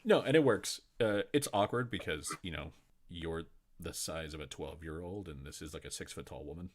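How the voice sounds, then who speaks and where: A man's voice: low voice, normal speed. A man running a tabletop game as game master, chatty and rambling, laughing often.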